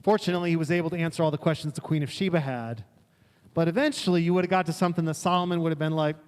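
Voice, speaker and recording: Male pastor, fairly high voice, casual storytelling sermon, long hall reverb. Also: fairly even intonation, rapid-fire, darkish tone, clean tone. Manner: conversational, acts out quotes in casual voices. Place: church sanctuary.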